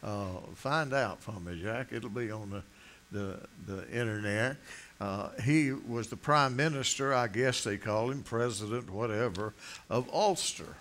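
A man's voice: on the low side, measured pace, fairly bright tone. An older man preaching a folksy, rambling sermon, joking with his congregation between many fillers and restarts.

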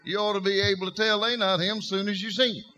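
A man's voice: high voice, level tone, quick pace, sharp tone, muffled recording, slight background noise. A man preaching a sermon, telling Bible stories in a folksy, emphatic way.

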